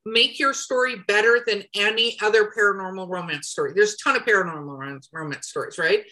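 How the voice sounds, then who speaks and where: Woman host, bright edge, animated, a touch of cough. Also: medium pitch, brisk, low-quality recording. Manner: animated, acts out quotes with shifting voices. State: coughing now and then. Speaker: podcast host and editor. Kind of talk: casual podcast chat.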